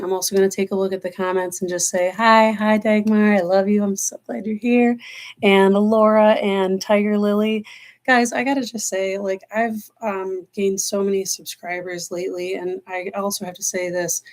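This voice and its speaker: Earnest woman tarot reader on a livestream, meandering talk with slowed emphasis, emotional edge. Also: mid-range voice, level tone. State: choked up, near tears. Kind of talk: live-stream spiritual talk.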